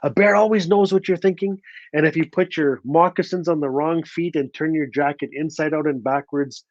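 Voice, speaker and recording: A man's voice: a little high, fairly even intonation, moderate pace, dry recording, highs cut off, lightly acted. A man voicing a sly, teasing middle-aged woman potter in a story he tells, with a playful, withholding manner.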